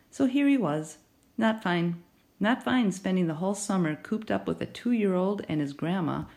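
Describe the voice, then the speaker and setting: A woman narrating a children's novel in an expressive storytelling manner. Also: fairly low pitch, moderate pace. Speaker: audiobook narrator.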